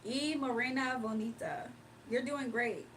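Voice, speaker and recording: A woman's voice: fairly high pitch, fairly even intonation, unhurried, fairly bright tone, recorded from a distance, a little hiss or hum, rough recording. A woman from Virginia hosting a late-night livestream, chatting casually, reading comments aloud, and laughing often. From Virginia, United States. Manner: laid-back slangy talk, laughs often. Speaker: livestream host.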